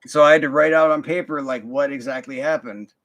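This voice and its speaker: A man's voice: mid-range voice, steady tone, brisk, fairly bright tone. A young man telling a work story in a casual, profane, rambling rant full of fillers and restarts. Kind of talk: casual ranting monologue.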